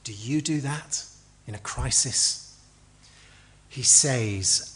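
A man's voice: mid-range voice, slow, long pauses, fairly bright tone. A middle-aged man from England preaching a sermon, telling stories with acted quotes and dry humor.

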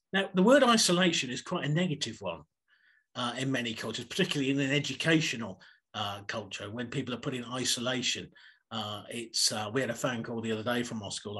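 A man preaching a sermon over a video call, telling stories in a husky voice and acting them out. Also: medium pitch. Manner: animated, acts out stories.

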